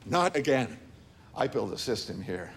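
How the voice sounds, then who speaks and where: An indignant inventor. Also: male voice, mid-range voice, very animated, normal speed, vocal fry. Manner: forceful, bitter speeches. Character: indignant male inventor defending his work. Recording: film clip with faint ambience.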